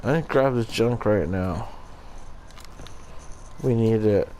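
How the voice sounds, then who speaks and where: A man's voice: lowish voice, takes it slowly, warm tone, a little hiss or hum, poor audio. A man hosting a let's play, talking in a joking, irreverent way and swearing casually. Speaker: gaming channel host.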